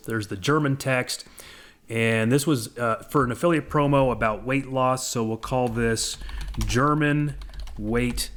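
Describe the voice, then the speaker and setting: A man walking through a software demo as a voice-over for a screen recording, in a relaxed, conversational way with frequent asides. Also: medium pitch. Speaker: software presenter.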